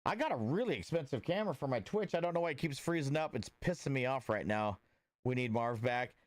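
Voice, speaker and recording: A man's voice: mid-range voice, expressive, fast talker, no echo. A man chatting casually with viewers on a livestream, rambling with lots of filler words and greeting people by name. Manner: laid-back and friendly, greeting viewers by name.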